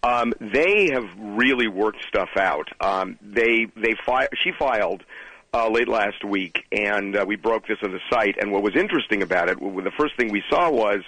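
Guy on the line with the morning show, lowish voice, bright edge, dry sound. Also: no room sound, low-quality recording. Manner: matter-of-fact, halting with fillers. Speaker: entertainment news guest. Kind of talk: casual phone-in chat.

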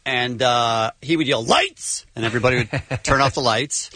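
A man's voice: medium pitch, fairly even intonation, fairly quick, pushed and bright, no echo. A man co-hosting a radio call-in show, who chats upbeat and tells stories. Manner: upbeat, chatty storyteller.

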